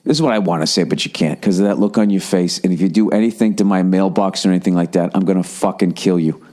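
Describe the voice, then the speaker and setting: A man in his forties ranting through a casual comedic monologue as a podcast host, swearing heavily and jumping up in pitch. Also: fast. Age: 40s. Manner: ranting, heavy swearing, animated rises in pitch.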